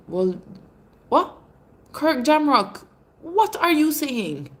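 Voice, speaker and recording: In Jamaica, a woman hosts a casual livestream, reading comments and chatting animatedly while calling her viewers babes. Her voice sits a little low but swings up in pitch when she gets excited, with lively pitch swings and bursts of laughter.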